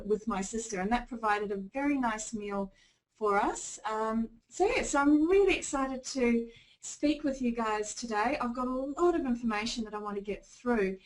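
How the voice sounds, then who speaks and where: A woman's voice: fairly high pitch, rough recording. A woman with a New Zealand accent giving a chatty, upbeat webinar presentation as a consulting trainer.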